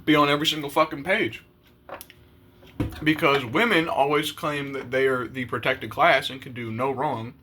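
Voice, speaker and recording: Bright-voiced man ranting bluntly. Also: mid-range voice, fairly even intonation, moderate pace, a little hiss or hum. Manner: blunt, profane, conversational. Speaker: YouTuber. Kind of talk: casual rant to camera.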